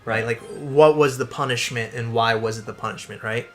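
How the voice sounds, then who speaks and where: Bright-voiced young man telling a story. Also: mid-range voice, a little fast. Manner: animated storyteller, swears freely, laughs while telling. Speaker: let's play host. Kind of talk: casual gameplay chat. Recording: faint background game music.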